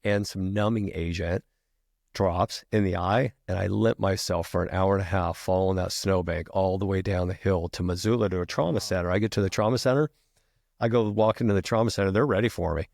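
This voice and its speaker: A middle-aged retired firefighter telling a long story as a podcast guest, casual and profane, peppering every sentence with "freaking". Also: male voice, low-pitched, steady tone, fairly quick, creaky, a little mellow, dry recording, clean studio sound.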